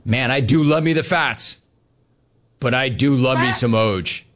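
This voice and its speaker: A man hosting a casual sports talk show, reading listener messages and riffing in a playful way that jumps up in pitch for emphasis. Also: measured pace, a bit bright.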